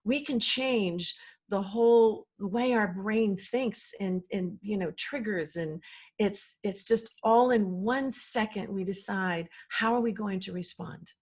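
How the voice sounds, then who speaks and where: A woman talking as a podcast guest, a life coach in casual conversation. She is lively and expressive, often dramatizing the inner voices she describes and laughing along the way. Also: mid-range voice, slow, slightly rough. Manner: animated, acts out quoted voices, laughs easily.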